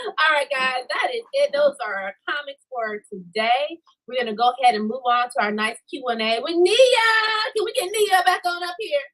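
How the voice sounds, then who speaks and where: A woman emceeing an online event, telling a funny story with lively banter over a video call. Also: high-pitched, a little fast, low-quality recording. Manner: lively storytelling with acted voices.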